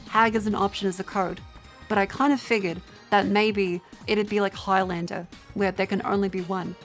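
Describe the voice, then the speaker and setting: A young Australian woman on a livestream who sounds tired and talks at an everyday middle pitch. She rambles from one joke to the next, swears freely and pokes fun at herself while chatting with her viewers. Faint music plays quietly behind her. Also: steady tone, moderate pace. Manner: rambling, profane, self-mocking banter with chat. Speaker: streamer. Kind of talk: casual livestream chat.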